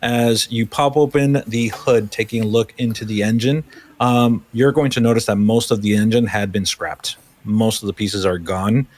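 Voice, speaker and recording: A man's voice: fairly low pitch, fairly even intonation, normal speed. A man running a tabletop role-playing game as game master, describing scenes loosely with many fillers.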